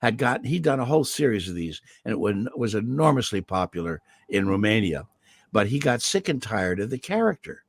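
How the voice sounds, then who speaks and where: An older man, a veteran voice actor, telling stories in an interview with lively delivery and a throat he keeps clearing. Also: fairly low pitch, a little fast, dry recording, studio quality. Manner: animated anecdotal delivery with restarts. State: throat irritated, clearing it often. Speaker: voice actor guest. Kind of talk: interview storytelling. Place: home in California.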